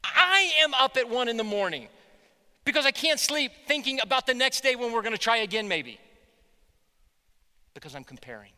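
A man, a pastor, preaching a sermon with animated storytelling. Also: very high-pitched, moderate pace, pauses often, big-room sound. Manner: animated storytelling, voicing quotes loudly.

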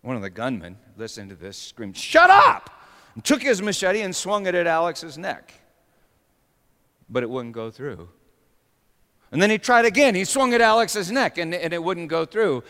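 A man preaching a sermon with dramatic swings between hushed storytelling and sudden shouts. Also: on the high side, sing-song, normal speed. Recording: long reverb of a large hall.

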